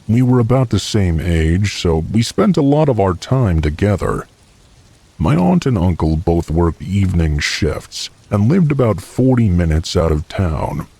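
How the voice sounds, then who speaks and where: A man narrating a first-person horror story in a calm, steady storytelling manner. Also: low voice, husky.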